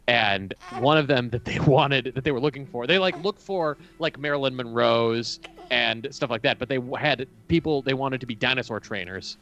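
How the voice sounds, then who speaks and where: A man's voice: medium pitch, normal speed, few pauses, fairly bright tone, highs cut off. A man co-hosting a call-in talk show, talking casually and hesitantly with many fillers. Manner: hesitant, lots of "uh" and "like". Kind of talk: casual chat over a video call.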